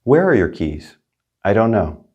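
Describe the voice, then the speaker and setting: A man's voice: lowish voice, very animated, measured pace, a little mellow, breathy edge, muffled recording. A man teaching a language lesson, patiently explaining grammar and checking in with his learners. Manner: patient, checks in with "right?" and "okay?". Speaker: Spanish teacher.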